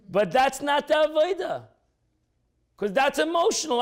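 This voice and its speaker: A man teaching an informal Torah class as a rabbi, animated and repetitive, acting out quotes as he explains. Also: extremely high pitch, a little fast. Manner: animated, repeats phrases, acts out quotes.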